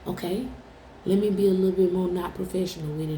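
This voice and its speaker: A woman's voice: fairly low pitch, fairly even intonation, fast, dark tone, reverberant, slight background noise, rough recording. A woman tarot reader talking straight to her viewers in a blunt, profane, teasing way. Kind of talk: casual direct-to-camera chat.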